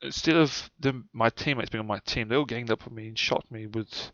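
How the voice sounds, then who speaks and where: In casual storytelling to camera, the young New Zealand-accented vlogger recounts his childhood in a rambling way, swearing frequently and trailing off. His medium-pitched voice is fairly quick and fairly bright, and the lo-fi audio is dull and dry with no echo.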